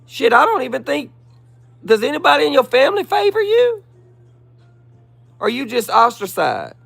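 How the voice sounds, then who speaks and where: A man's voice: very high-pitched, wildly swooping pitch, moderate pace, vocal fry, fairly bright tone, faint music behind. A man hosting a live stream, sassily and theatrically roasting a commenter in mock-pleading asides. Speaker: livestreamer.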